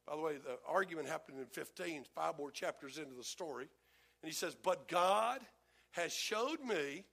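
A middle-aged male pastor preaching a folksy, animated sermon and acting out the voices of the people in his stories. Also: sits high, vocal fry.

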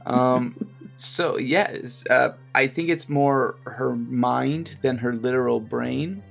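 A man of middling pitch with a gravelly, creaky voice plays a tabletop game. He chats casually and jumps quickly between plans and asides. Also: faint music behind. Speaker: player.

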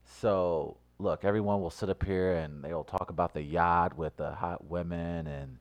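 A man co-hosting a casual talk show, playful and mock-grandiose, swinging between loud and soft. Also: sits low, steady tone, a little slow. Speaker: co-host. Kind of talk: casual banter.

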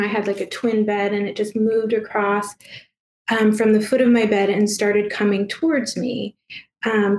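A woman guest telling a personal story in a soft, emotional way, halting and full of fillers and restarts. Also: mid-range voice, echoey room. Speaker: guest, past life regression therapist.

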